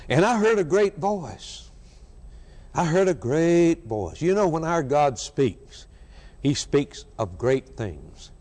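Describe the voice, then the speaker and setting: A man's voice: mid-range voice, a little mellow. A man preaching a sermon, fervent and emphatic, repeating phrases for effect. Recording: long hall reverb.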